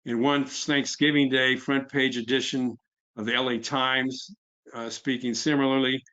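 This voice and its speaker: A man's voice: mid-range voice, little pitch movement, a little slow, bright, forceful tone, smooth, lo-fi sound. Middle-aged man, conversational presenter. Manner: conversational, fillers, quotes others. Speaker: nonprofit founder. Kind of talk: webinar presentation.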